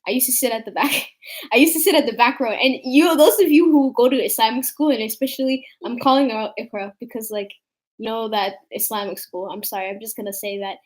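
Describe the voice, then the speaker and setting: A woman chatting casually with her sister, telling embarrassing stories in an animated way and acting out the quotes. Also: a little high, a little fast. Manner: animated storytelling with acted quotes. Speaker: youtuber. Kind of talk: casual chat.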